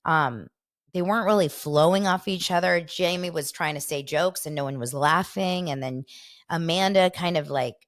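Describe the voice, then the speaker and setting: A woman hosting a casual gossip podcast, telling a story with lively retelling of who said what. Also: normal speed. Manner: animated storyteller, acts out quotes in a higher voice. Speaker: podcast host.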